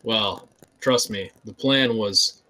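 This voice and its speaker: A man playing a tabletop game, speaking in character in a measured, persuasive way. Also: on the low side, bright, forceful tone, rough recording. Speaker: player. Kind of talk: tabletop role-play in character.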